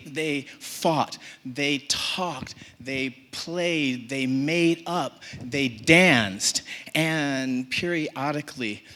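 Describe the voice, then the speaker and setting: A man reads his own story live on a theater stage. He is animated and humorous, with a bright, forceful voice. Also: medium pitch. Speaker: storyteller reading a personal essay. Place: theater stage before an audience.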